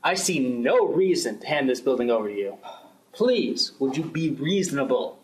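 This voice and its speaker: A man's voice: mid-range voice, expressive, normal speed, a little hiss or hum, poor audio. A young man performing a student radio drama, shifting his voice between several characters. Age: young adult. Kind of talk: amateur radio-play acting.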